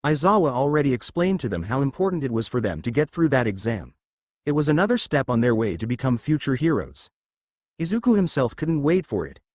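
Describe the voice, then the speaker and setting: A man narrating a fan fiction story aloud in a lively storytelling manner. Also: medium pitch, fairly quick, no room sound, studio quality.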